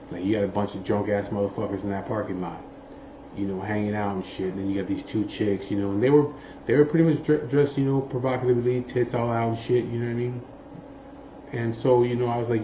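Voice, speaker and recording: In a casual, rambling story about his biker life, a man curses freely and keeps asking "you know what I mean" to check in with his listener. His voice is fairly low and fairly even, brisk in pace, and the recording is muffled and roomy with faint background noise.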